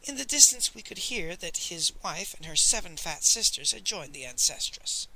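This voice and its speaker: A man narrating an audiobook in an animated storytelling style, with many character voices. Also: high-pitched, moderate pace, creaky, low-quality recording. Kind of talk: expressive audiobook reading.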